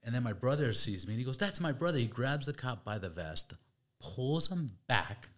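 A man hosting a podcast, telling a story in a chatty, halting way and acting out voices. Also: medium pitch, expressive, fairly bright tone. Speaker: podcast host. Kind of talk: casual storytelling.

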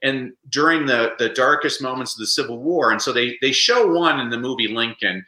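A man, the guest on a podcast interview, telling lively anecdotes and acting out the quotes. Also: medium pitch, brisk, roomy sound, poor audio. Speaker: guest, reading advocate. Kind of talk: animated storytelling in a podcast interview.

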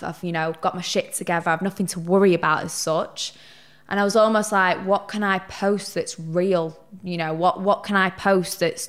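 Guest: young woman, lowish voice, chatty and candid, swears casually. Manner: chatty, animated storyteller who swears casually. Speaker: podcast guest. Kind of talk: casual interview chat.

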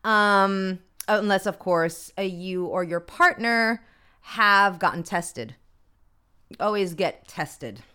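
A woman's voice: mid-range voice, slow, pushed and bright, smooth. A woman hosting a casual talk show, reading from a list in a candid, chatty way with wry asides and free swearing. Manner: candid, chatty, swears freely, comments wryly as she reads. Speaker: podcast host.

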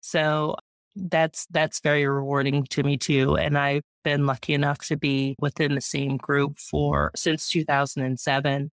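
A woman in her thirties, a guest, chatting proudly and warmly about her homestead and her family. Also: sits low, little pitch movement, unhurried, no echo, clean studio sound. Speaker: guest, urban homesteader and mom. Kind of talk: casual interview chat.

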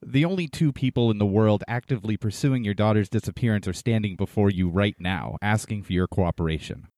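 A man's voice: fairly low pitch, fairly quick, warm tone, dry recording, studio quality, natural voice. A man playing an adult male police detective making an earnest appeal for cooperation, in a dramatized interview reading.

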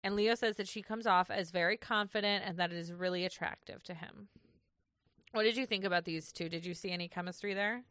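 A woman's voice: on the low side, a little fast, fairly bright tone, dry recording, studio quality. A woman co-hosting a podcast, chatting casually through a recap and laughing easily as she reads from her notes. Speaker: podcast co-host.

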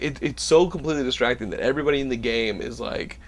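A man's voice: mid-range voice, quick pace, few pauses. A young man hosting a casual chat, telling stories with lots of swearing and animation. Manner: animated storyteller, swears a lot. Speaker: podcast host.

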